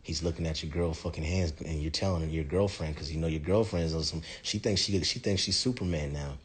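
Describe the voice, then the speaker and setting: A man with a very deep, husky voice talks through a casual vlog monologue. He tells a story in an animated, dramatic way and swears freely. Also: fairly quick, few pauses. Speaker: vlogger.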